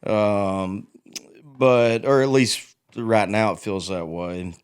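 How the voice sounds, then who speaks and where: A man's voice: on the low side, takes it slowly, smooth. A man in his forties, a guest musician, talking frankly and with self-deprecating humor in a casual interview. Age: 40s. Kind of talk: candid casual conversation.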